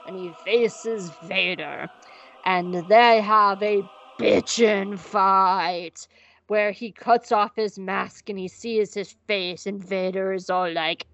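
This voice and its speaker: A woman's voice: mid-range voice, a bit bright, highs cut off. Jokey, rambling woman podcast co-host. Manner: rambling and jokey, with quick asides. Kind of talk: casual recap chat.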